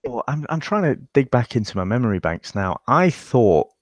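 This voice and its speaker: A man's voice: medium pitch, normal speed, music in the background. A man co-hosting a football podcast, chatting casually and giving strong opinions. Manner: opinionated, animated storytelling. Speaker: podcast co-host.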